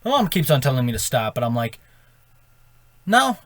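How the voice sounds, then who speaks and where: A man's voice: mid-range voice, sing-song, quick pace, no room sound. A man telling a true story from his life in a casual vlog, rambling along with self-corrections and "right?" tag questions. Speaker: storytime vlogger.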